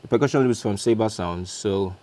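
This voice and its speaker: A man's voice: fairly low pitch, fairly quick, darkish tone. A man, a music producer, casually walking through how he built a beat, talking loosely and correcting himself as he goes. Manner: chatty, loose, self-correcting. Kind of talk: casual beat breakdown walkthrough.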